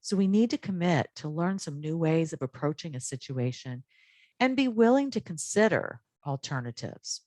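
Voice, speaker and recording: A woman presenting a wellness training talk to healthcare workers in a calm, measured, encouraging way. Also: sits low, no room sound.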